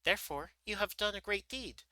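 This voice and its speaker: Tiny regal mouse queen with a squeaky high voice, haughty, very bright, a man doing it. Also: a little fast, no room sound, low-quality recording. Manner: indignant, regal.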